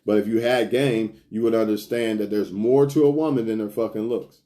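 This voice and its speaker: A man's voice: on the low side, fairly even intonation, brisk, mellow. Blunt, profane man lecturing his viewers. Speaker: self-improvement vlogger. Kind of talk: casual preachy monologue to viewers.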